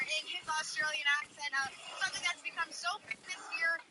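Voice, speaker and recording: High-voiced woman giving race analysis. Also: fairly even intonation, a little fast. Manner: chatty, with many fillers. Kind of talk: race commentary. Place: dirt racetrack. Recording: loud engine noise behind.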